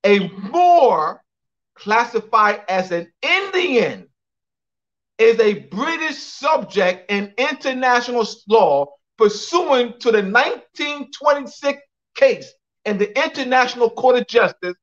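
A man's voice: very high voice, expressive, slow, a bit bright. Emphatic man lecturing over dull audio. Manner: emphatic, repeats phrases, spells out names. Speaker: guest speaker.

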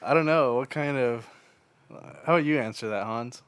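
A man's voice: medium pitch, normal speed, a bit bright, clean tone. A young man in crude casual chat with friends, hesitant and stammering as he answers. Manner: hesitant, stammering, then giggly.

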